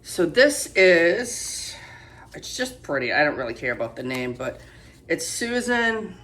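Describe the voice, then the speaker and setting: A woman's voice: extremely low pitch, sing-song, normal speed, bright, forceful tone. A middle-aged woman chatting casually about her thrift haul from her home kitchen, rambling and self-deprecating. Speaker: thrift reseller vlogger.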